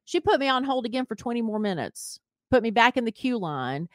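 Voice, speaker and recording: A fairly high-pitched woman, talking a little fast, co-hosts a podcast and tells an animated story in casual chat, voicing the people in it herself. The sound is studio quality without echo.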